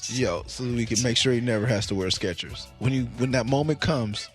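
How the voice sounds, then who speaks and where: A man's voice: medium pitch, brisk, faint music behind. A man hosting a podcast, teasing his co-host in playful, swearing casual chat.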